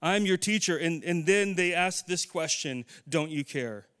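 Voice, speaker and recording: Middle-aged pastor guy preaching, chatty, asks the room stuff, smooth clear voice pitched a bit high. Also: lively intonation, a little slow, a bit bright. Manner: conversational, asks the congregation questions. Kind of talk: sermon.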